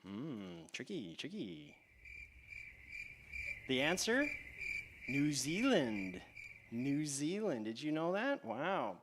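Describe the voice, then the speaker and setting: Upbeat male game-show host for kids, playful and teasing, pitch sits a bit high and swings widely. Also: gravelly, background noise. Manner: animated, teasing, exaggerated pauses. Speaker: quiz host at a church kids' event. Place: church hall stage.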